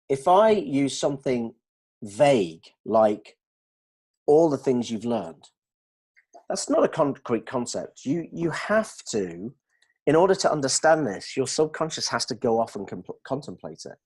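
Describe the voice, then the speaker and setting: Husky-voiced man explaining with examples. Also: mid-range voice, a little slow. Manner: animated, explains with examples and checks understanding. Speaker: dental communication trainer. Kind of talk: explanatory discussion.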